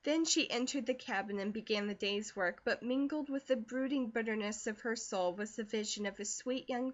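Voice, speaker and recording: Audiobook narrator: a woman with a somewhat high voice, measured and steady, recorded dull and lo-fi. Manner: measured storytelling. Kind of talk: scripted narration.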